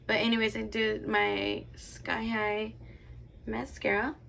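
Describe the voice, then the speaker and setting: A woman's voice: a little high, completely flat delivery, slow pace, creaky, a bit bright, a little hiss or hum. A young woman vlogger chatting casually, filling her talk with "like" as she tells a personal story while doing her makeup. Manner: chatty, rambling, lots of "like" fillers. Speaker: beauty vlogger.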